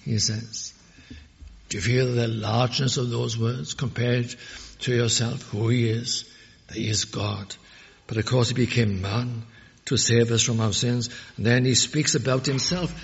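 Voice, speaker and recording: A man's voice: mid-range voice, measured pace, vocal fry. Fervent male preacher in a reverberant hall. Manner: fervent, rising to loud emphatic peaks on scripture quotes. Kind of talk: sermon. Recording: muffled audio with long hall reverb.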